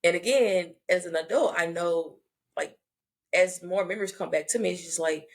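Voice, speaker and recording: A woman in her thirties hosting a casual conversation, talking reflectively and haltingly, often restarting her sentences. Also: lowish voice.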